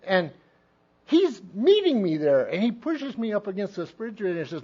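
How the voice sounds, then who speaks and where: Guy from montana telling his recovery story, kinda high voice, old muffled tape. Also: big pitch swings, fairly quick, fairly bright tone. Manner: folksy storytelling, acts out quotes. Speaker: AA speaker. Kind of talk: recovery meeting speaker share. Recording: dull lo-fi meeting tape.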